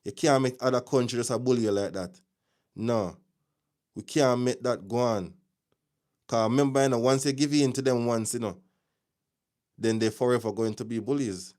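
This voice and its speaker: A man with a Jamaican accent hosts a live news stream in a chatty, opinionated way. His pitch sits in a middle range for a man, and he keeps greeting viewers by name between points. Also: normal speed, pauses often. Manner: chatty, addresses viewers, gives shout-outs, opinionated. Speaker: livestream news host. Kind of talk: casual live news commentary.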